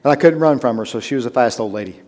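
A man's voice: mid-range voice, rapid-fire, darkish tone. A man preaching a sermon, telling a personal story in a conversational way that builds to emphatic urgency.

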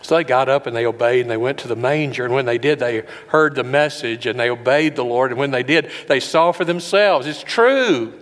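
A man's voice: steady tone, fast talker, few pauses. Earnest preacher man in a reverberant hall. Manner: folksy, earnest preaching that swells to loud high peaks. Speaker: pastor. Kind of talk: sermon. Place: large room with an audience.

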